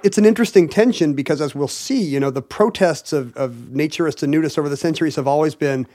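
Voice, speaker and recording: A man's voice: fairly high pitch, fast, dark tone. A married man hosting a podcast, explaining history in a casual, jokey way. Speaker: podcast host. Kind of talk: casual chat.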